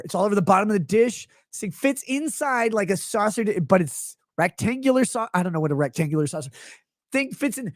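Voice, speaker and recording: A man's voice: high voice, animated, fairly quick, no room sound, studio quality. A man hosting a livestream, ranting about everyday gripes with profanity and sarcasm, and reading chat messages aloud. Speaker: livestream host.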